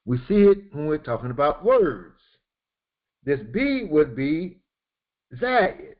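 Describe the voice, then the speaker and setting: A man's voice: on the high side, big pitch swings. Guy teaching quran commentary, voice jumps around a lot, kinda muffled lo-fi audio. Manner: explains slowly with repetitions and Arabic quotations. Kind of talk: verse-by-verse Quran commentary lesson. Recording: dull lo-fi recording.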